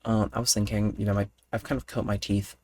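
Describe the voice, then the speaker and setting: A man's voice: fairly low pitch, level tone, quick pace, darkish tone. A young man telling stories in late-night gameplay commentary, rambling with mock-indignant outbursts. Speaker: gaming channel host.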